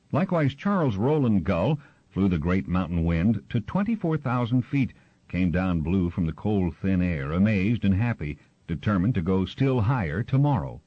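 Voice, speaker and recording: Husky man narrating a story. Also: fairly low pitch, dry recording. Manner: expressive storytelling. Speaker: audiobook narrator. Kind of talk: scripted narration. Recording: slightly muffled recording.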